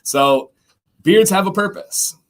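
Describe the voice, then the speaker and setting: A man's voice: high-pitched, slow pace. Upbeat bearded livestream host, man. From Michigan. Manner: animated, reads viewer comments aloud. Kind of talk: casual livestream chat.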